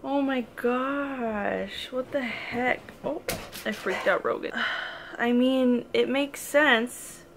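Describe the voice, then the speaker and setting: A woman's voice: fairly high pitch, takes it slowly, noisy background. A young woman talking casually in a reading vlog, emotional and rambling, full of "like" and nervous laughs. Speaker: book vlogger.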